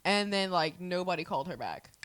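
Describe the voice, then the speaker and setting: A woman's voice: fairly low pitch, expressive, brisk, a bit bright, dry recording. A woman in her twenties co-hosting a casual podcast chat, teasing her friend and laughing often. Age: 20s. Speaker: podcast co-host.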